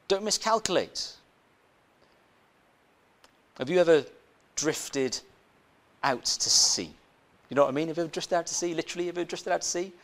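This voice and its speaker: A man's voice: a little high, a bit bright. A male preacher giving a conversational sermon, telling a personal story, often asking the congregation rhetorical questions and repeating his phrases.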